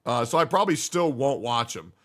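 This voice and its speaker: A male streamer chats casually on a live reaction stream, joking and swearing as he reads viewer comments aloud. His voice sits at a middling pitch with a bright, forceful edge. He swings from loud hype to low, mumbled asides. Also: sing-song, fairly quick. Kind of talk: casual livestream reaction chat.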